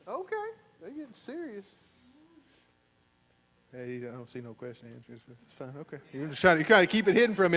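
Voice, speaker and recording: A man's voice: a little high, big pitch swings, a little fast, pauses often, a bit bright, a little hiss or hum. A man, a pastor hosting a couples game show at his church, teasing and joking with the crowd. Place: church sanctuary, at the altar. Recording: long church hall reverb.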